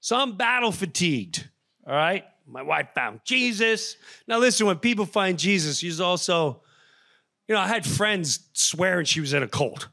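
A middle-aged man telling a personal story in an animated way, jumping into the voices of the people he quotes. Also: normal speed, gravelly. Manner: animated, acts out quoted voices with big pitch jumps.

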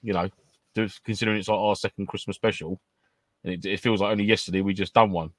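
A man's voice: on the low side, steady tone, fast, dry recording. Chatty man on a home stream. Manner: chatty, jokey, laughing often. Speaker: podcast co-host. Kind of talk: casual live-stream chat.

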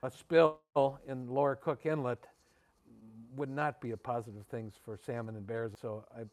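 A man's voice: medium pitch, level tone, normal speed. A man hosting a radio podcast, chatting in a friendly, easygoing way and laughing easily. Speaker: podcast host. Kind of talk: casual interview talk.

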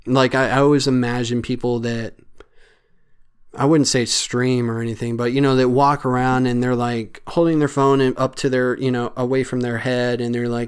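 A man's voice: medium pitch, steady tone, normal speed, clean tone. A man hosting a solo podcast, talking in an earnest, rambling way with many fillers. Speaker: podcast host.

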